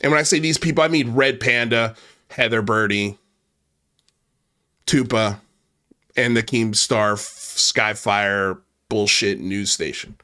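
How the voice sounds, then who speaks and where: On the low side and slow, with long pauses, a man's pushed, bright yet smooth voice drives a heated online commentary rant. As channel host he swears a lot and sometimes restarts or repeats himself when worked up.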